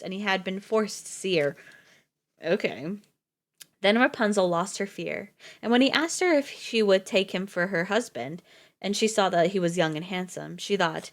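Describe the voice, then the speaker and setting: A woman's voice: medium pitch, lively intonation, moderate pace. A woman streamer reading fairy tales aloud, breaking off for joking, swearing asides and stumbling over words. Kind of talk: storybook reading with casual commentary.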